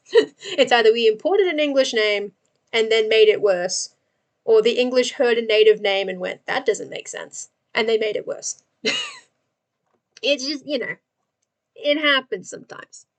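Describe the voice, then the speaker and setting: A woman's voice: on the high side, a little slow. A young Australian woman hosting a livestream, chatting casually and laughing often while she works and answers her viewers. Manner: giggly, chatty, talks to chat while working. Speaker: livestream host.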